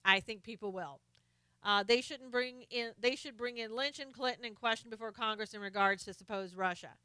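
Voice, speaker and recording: A woman's voice: a little high, moderate pace, sharp tone, clear, resonant tone, no echo. A woman hosting a live stream of political commentary, talking in an impassioned way and greeting viewers by name.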